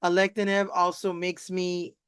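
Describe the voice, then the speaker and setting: A middle-aged woman hosting a live video chat, rambling warmly with many restarts and acted-out quotes. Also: fairly low pitch, level tone, moderate pace, clear, resonant tone, no room sound. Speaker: host. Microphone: video call.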